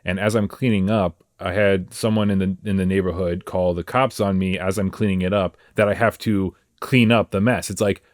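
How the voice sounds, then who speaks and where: Deep voice guy recapping a story, lots of um and uh, dry mic. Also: steady tone, normal speed, few pauses, no echo. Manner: hesitant, lots of ums and restarts, summarizing a story. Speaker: podcast host. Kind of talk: casual chat.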